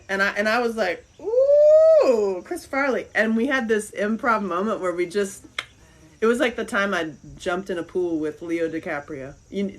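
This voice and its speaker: A middle-aged woman hosting a podcast, chatting casually and telling rambling, animated stories. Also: medium pitch. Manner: rambling, animated storytelling with laughs. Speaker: podcast host. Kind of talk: casual chat.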